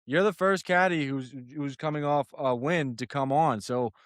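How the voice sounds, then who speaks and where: A man's voice: on the high side, normal speed, no echo, clean studio sound. A man hosting a casual podcast chat, laid-back and slangy. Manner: laid-back slangy, says dude a lot. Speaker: podcast host.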